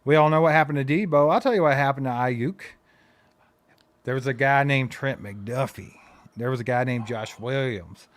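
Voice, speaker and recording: A man's voice: mid-range voice, moderate pace, no echo. A man from Kentucky co-hosting a fan show, talking in easygoing, wry livestream banter.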